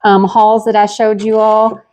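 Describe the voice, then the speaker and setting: A woman's voice: mid-range voice, level tone, unhurried, a little mellow. A woman hosting a pottery channel, talking casually with lots of fillers and sounding a bit out of breath. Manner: chatty, homey, many fillers. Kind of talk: casual haul vlog.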